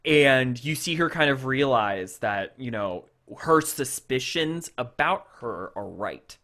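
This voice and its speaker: A man's voice: mid-range voice, lively intonation, takes it slowly, sharp tone. Man animatedly retelling TV scenes. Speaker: podcast co-host. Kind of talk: casual chat.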